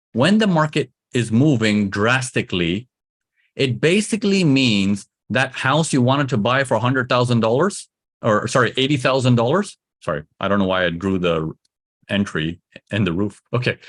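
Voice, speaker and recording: A man's voice: medium pitch, expressive, measured pace. A man teaching trading to a live audience, emphatic and repetitive, coaxing his listeners along. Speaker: trading instructor.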